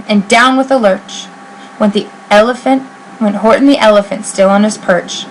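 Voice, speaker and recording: A woman reading a children's picture book aloud in an expressive, sing-song rhyming voice. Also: mid-range voice, moderate pace, a little hiss or hum, poor audio. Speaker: reader.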